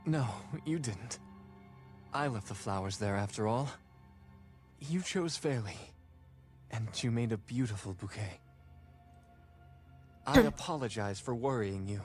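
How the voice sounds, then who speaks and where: An actor playing a weary, courteous ghost groom who speaks in a formal, polite and measured way. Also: male voice, medium pitch, lively intonation, faint music behind, close to an everyday voice.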